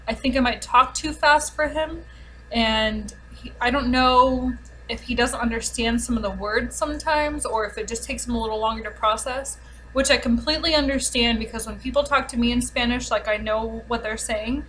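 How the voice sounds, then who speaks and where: A woman telling a frustrating everyday story in a casual vlog, exasperated and sarcastic, talking fast in bursts. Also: a little high, a bit bright, slight background noise, low-quality recording. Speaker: vlogger. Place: home, with a dog nearby.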